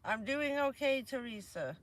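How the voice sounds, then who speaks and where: A woman with a hoarse, stuffy voice from a cold, chatting casually on a vanlife livestream from her van, laughing often and answering her viewers. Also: high voice, animated, a little slow. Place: inside a camper van.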